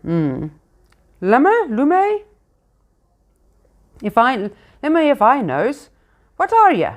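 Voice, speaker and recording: A woman voicing a coarse, brutish male troll with gruff, rough working-class speech. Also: sits high, wildly swooping pitch, very slow, pitched above the performer's own voice, heavily acted.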